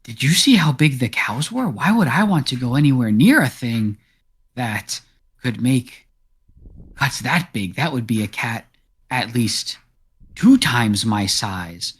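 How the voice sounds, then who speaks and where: A man's voice: mid-range voice, animated, unhurried, slightly rough. A man voicing a nervous, rambling talking farm cat in a tabletop game, repeating himself as he goes. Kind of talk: tabletop role-play voice.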